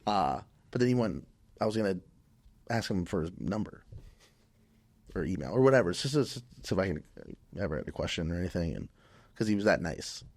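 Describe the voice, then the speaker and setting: Deep-voiced man rambling through a story. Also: animated, brisk, darkish tone. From Minnesota. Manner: rambling, many restarts and fillers. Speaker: podcast guest. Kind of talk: casual storytelling.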